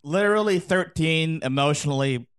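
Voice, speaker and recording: A man's voice: fairly high pitch, moderate pace, fairly bright tone, clean tone. A man in his thirties chatting casually as a guest, dryly reeling off pop-culture trivia. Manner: nerdy pop-culture recall, dry. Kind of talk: casual chat.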